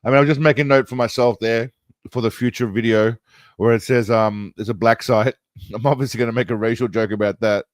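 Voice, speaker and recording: A man hosting a live stream, casually talking over a film trailer with mocking, rambling remarks. His voice sits at a middle pitch and sounds dry and close, with no room echo. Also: fairly even intonation, a little fast. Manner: mocking, rambling, laughs at his own jokes. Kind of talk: casual reaction chat.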